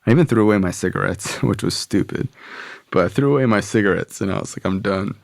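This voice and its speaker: A man's voice: lowish voice, fast, gravelly, dry recording. A man guesting on a podcast, telling his own story candidly, with profanity and frequent "like" and "you know". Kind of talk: personal storytelling.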